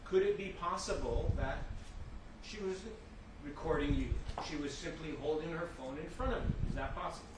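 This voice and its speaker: A man's voice: on the high side, normal speed. A man cross-examining a witness in court, methodical and pressing for yes-or-no answers. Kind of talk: courtroom questioning. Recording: distant, very echoey courtroom audio with hiss.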